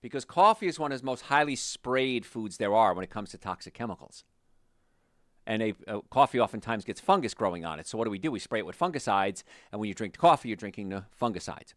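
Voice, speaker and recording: Speaking fast, this male physician and health show host spins casual, lively anecdotes about patients, lowering his voice whenever he repeats their words. There's no room sound, just clean studio audio.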